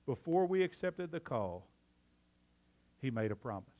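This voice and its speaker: A man preaching a sermon, excitable and out of breath, swinging from loud fervor to hushed emphasis. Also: medium pitch, a little slow, narrow, tinny audio. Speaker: pastor.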